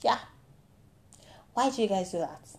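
Speaking in a mid-range voice at a measured pace, a young woman with a Nigerian accent gives a lively comic monologue. She sounds playfully indignant and mixes pidgin and Yoruba expressions into her delivery.

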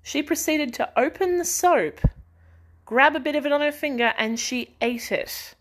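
A woman's voice: high voice, moderate pace, a bit bright. Aussie girl chatting away on her podcast, rambly and giggly. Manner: chatty, rambling, laughs and sighs often. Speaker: podcast host. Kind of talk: casual chat.

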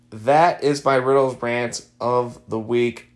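Young male podcast host, casual and rambling, wry asides, mid-pitched voice. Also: steady tone, takes it slowly. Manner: rambling, filler-heavy, wry. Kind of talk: casual chat.

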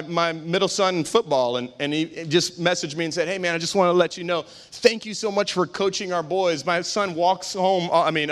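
Fervent high-voiced pastor preaching. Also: male voice, fairly bright tone. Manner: fervent, calls out to the congregation; tells stories in a chatty, joking way. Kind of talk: sermon.

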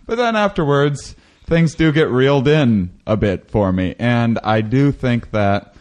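A man talking casually in a rambling way, with many restarts, who acts out quotes in a high excited voice. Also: a little slow. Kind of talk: casual conversation.

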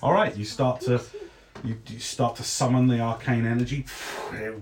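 A man narrating as game master, relaxed and hesitant with many restarts. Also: medium pitch, normal speed, crowd noise.

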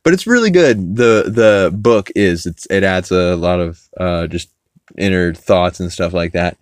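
A man's voice: deep voice, clear, resonant tone, no echo, clean studio sound. A man hosting a podcast, rambling through a casual recap of a cartoon episode and swearing freely. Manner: rambling, quotes characters in quick put-on voices, swears freely.

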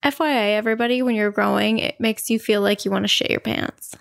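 A woman's voice: mid-range voice, steady tone, fast, creaky. A woman co-hosting a podcast, chatting casually and candidly, with blunt jokes and stories from home. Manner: candid, jokey, blunt about personal stories. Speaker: podcast co-host. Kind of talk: casual self-help chat.

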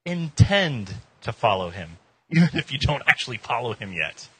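A man preaching a casual, joking sermon in an informal, animated way. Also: medium pitch, normal speed, slightly rough. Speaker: pastor.

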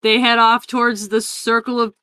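A woman in casual podcast chat, retelling a film scene by scene in a chatty, animated way. Her voice is bright and a little higher than most, recorded close and dry with no room sound. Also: moderate pace, dry recording. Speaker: podcast co-host.

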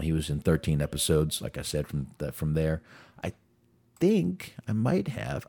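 A man's voice: very deep voice, gravelly, a little mellow, breathy edge. A man hosting a show, chatting casually and rambling, often stumbling over words and restarting. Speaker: podcast host. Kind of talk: casual career rundown.

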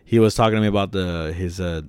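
Young male co-host, low voice, loose rambling delivery, dry close-miked sound. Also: fairly even intonation, quick pace, a little mellow, clean tone, no echo. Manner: rambling, laughs easily, lots of "dude" and "man". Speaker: podcast co-host. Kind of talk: casual chat.

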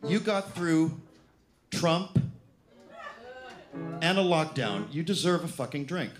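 A man's voice: on the high side, lively intonation, takes it slowly. A man performing a wry, reassuring spoken-word comedy piece on a live club stage. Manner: reassuring, wry, sing-song. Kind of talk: rhythmic spoken-word comedy over music. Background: live instrumental music.

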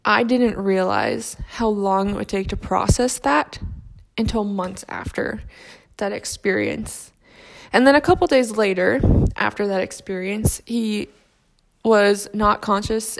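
A young adult woman telling a personal story about grief in a soft, reflective, halting way. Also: medium pitch, creaky.

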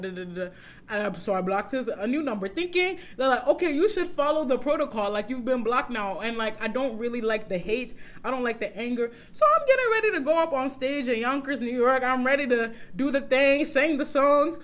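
A woman's voice: sits high, fairly quick. A woman co-hosting a podcast, telling a dating story in casual chat, laughing often and acting out the quotes. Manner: animated, laughs often, acts out quoted texts. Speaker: podcast co-host.

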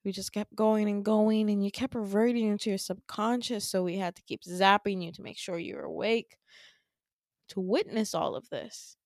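A woman quoting a cold, calculating scientist father who speaks in a calm, clinical way, close to her own voice. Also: sits high, moderate pace, dry recording.

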